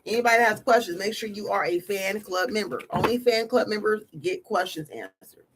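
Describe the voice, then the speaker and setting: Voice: medium pitch, brisk. A tarot reader hosting a casual livestream, talking in a blunt, slangy, scolding way. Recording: noisy livestream audio.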